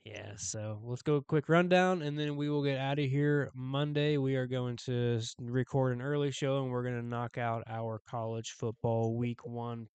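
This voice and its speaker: Smooth, dry-voiced betting podcast co-host man. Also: medium pitch, moderate pace, few pauses, no room sound. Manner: relaxed, stat-heavy, filler "um". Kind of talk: casual sports betting chat.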